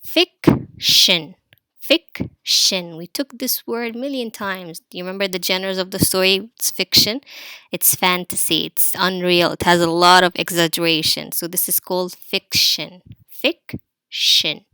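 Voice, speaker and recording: A woman teaching an online spelling lesson to young pupils, explaining slowly and repeating each word for the class to say. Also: on the low side, steady tone, bright, forceful tone, clear, resonant tone, dry recording, clean studio sound.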